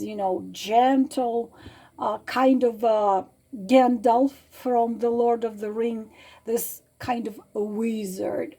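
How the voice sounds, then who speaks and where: Slow, soft-spoken emotional woman. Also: a little high. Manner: emotional, soft, halting with fillers. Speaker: tarot reader. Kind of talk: casual guided exercise talk.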